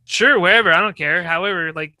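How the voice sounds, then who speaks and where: A woman's voice: lowish voice, brisk, pushed and bright, no echo, studio quality. A woman playing a tabletop game, giggly and carefree. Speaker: player. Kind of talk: casual tabletop play.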